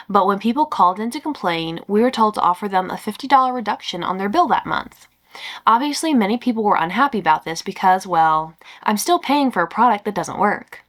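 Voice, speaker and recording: A woman podcast host reading a story aloud in a casual, chatty, expressive way, with asides of her own. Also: medium pitch.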